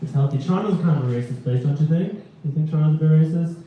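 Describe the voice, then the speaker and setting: A man's voice: fairly high pitch, rapid-fire, phone-quality sound. A young man doing crude, provocative stand-up and teasing the audience at a small comedy venue. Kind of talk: stand-up crowd work. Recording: echoey club from a distance with crowd.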